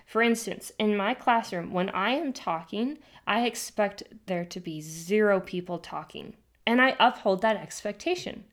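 A woman hosts an educational podcast and talks to listeners with upbeat energy. She is a chatty storyteller who laughs easily, and her voice sits at an ordinary middle pitch. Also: moderate pace, few pauses. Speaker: podcast host and teacher.

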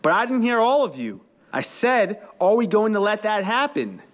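A man's voice: high-pitched, big pitch swings, moderate pace, a bit bright, voice pushed up. Fiery sales boss, preachy and profane, read by a man. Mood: rousing. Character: fiery male sales boss rallying his team.

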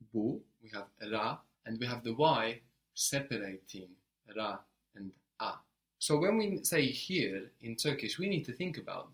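A man's voice: on the low side, fairly bright tone. A man teaching a language lesson, patiently prompting a learner and giving short praise.

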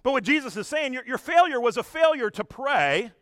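A man giving a sermon as a lively, conversational story, often turning to talk straight to his listeners. His voice sits high and sounds bright and forceful. The recording is dry, with almost no room sound. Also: brisk, dry recording. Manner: animated, chatty, addresses the congregation directly. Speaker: pastor.

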